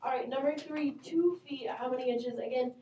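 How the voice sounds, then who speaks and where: A woman math teacher runs her class in a fairly high, mellow voice, brisk and upbeat. She asks questions and calls on students one after another. The sound is roomy and distant, with a faint hum behind her. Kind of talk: classroom instruction. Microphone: distant camera mic.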